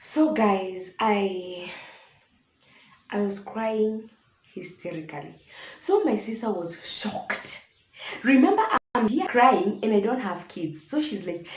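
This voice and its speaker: A woman's voice: mid-range voice, animated, slow pace, a little mellow. A young woman with a Kenyan accent telling a personal story to camera, emotional and talking straight to her viewers. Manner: emotional, addresses viewers directly. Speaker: vlogger. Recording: echoey room.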